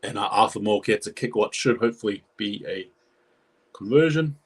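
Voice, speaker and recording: This man's lowish, slightly rough voice runs at normal speed as he reacts live to a rugby league match. He keeps it chatty and excitable, addressing his viewers throughout.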